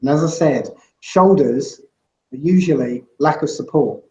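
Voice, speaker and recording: A man talks through his ideas in a casual interview, looping back with "you know" and "right?". His voice sits a little high for a man. The sound is echoey and muffled. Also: unhurried, darkish tone. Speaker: guest.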